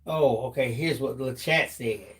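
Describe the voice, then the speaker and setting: An easygoing middle-aged man co-hosts a live stream, reading viewer comments aloud in a relaxed, conversational way. At times he turns thoughtful and speaks slowly and earnestly. His voice sits at an ordinary pitch for a man. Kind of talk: casual live-stream chat.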